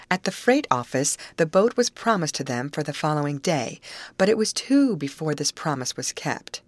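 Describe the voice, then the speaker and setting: Woman audiobook narrator, low voice, lively melody, expressive storytelling, dry close recording. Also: moderate pace, dry recording. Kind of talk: audiobook narration of a 1913 girls' novel.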